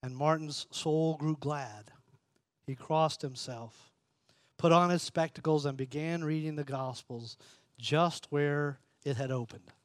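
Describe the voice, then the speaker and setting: A pastor reading a story aloud and preaching a sermon, measured and earnest, slowing and softening for emphasis. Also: male voice, on the high side, no room sound.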